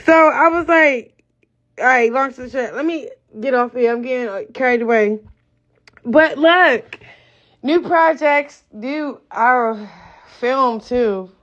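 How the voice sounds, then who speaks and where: A high-pitched woman rambles excitedly on a live stream, dropping slang and losing her train of thought as she goes. The sound is dull and lo-fi, like a phone recording. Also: slow. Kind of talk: casual live stream talk.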